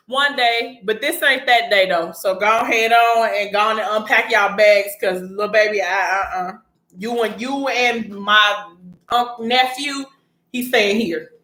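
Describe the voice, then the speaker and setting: Woman ranting casually, blunt n slangy, mid pitch, kinda echoey room. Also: a little slow. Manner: blunt, animated, frequent profanity and slang. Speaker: vlogger recapping a TV series. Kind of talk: casual chat retelling a story.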